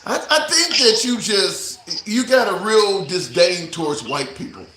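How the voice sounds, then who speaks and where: A man's voice: high voice, expressive, unhurried, bright, forceful tone. A man hosting a provocative live interview, pushing back with challenging questions and reading out viewer comments. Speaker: livestream host. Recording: roomy echo.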